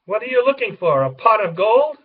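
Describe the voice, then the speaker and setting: A man reading the part of a brash, greedy male pig who talks loudly and excitably. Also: sits high, brisk, husky, pitched above the performer's own voice, heavily acted. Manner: loud and excitable. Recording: distant, dull lo-fi recording.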